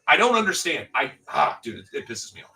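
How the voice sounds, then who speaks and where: This livestream host speaks in a mid-range voice that swings widely in pitch, moving fairly quickly with a pushed, bright sound. He rambles and swears through viewers' comments, picked up by a far-off mic over soft background music.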